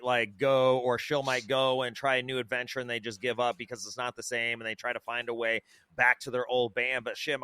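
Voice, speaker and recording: A man's voice: medium pitch, sharp tone, smooth, dry recording. A man hosting a podcast in casual chat, speaking admiringly and rambling with repeated words. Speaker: podcast host.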